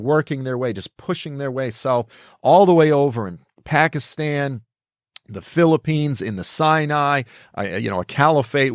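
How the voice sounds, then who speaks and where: A man's voice: mid-range voice, no room sound, clean studio sound. A middle-aged man from the United States giving impassioned political commentary, emphatic and preachy, raising his voice to act out quotes. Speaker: author and commentator.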